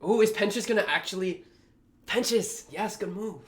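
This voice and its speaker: A young man hosting a reaction video, talking casually and excitably with a lot of slang as he reacts to what he watches. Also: high voice, normal speed. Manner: excitable, slangy, thinks aloud.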